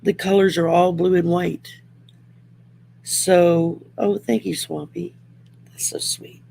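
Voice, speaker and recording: Gravelly Southern woman, slow and rambling. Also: on the low side, little pitch movement, dark tone, a little hiss or hum. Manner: rambling, folksy, thinking aloud with many fillers. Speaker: host doing oracle card readings. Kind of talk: casual livestream chat. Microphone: home setup by a window.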